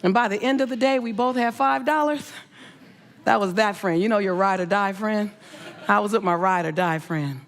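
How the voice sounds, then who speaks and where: A middle-aged motivational speaker tells an emotional personal story at medium pitch and a moderate pace. Her delivery is animated and emphatic, and she repeats phrases for effect.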